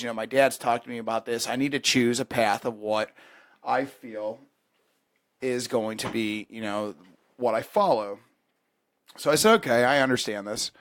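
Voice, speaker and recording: A man hosting a podcast, telling a story in casual chat, profane and animated, acting out the people in it. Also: medium pitch, dry recording. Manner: profane, animated storyteller who acts out voices. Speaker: podcast host.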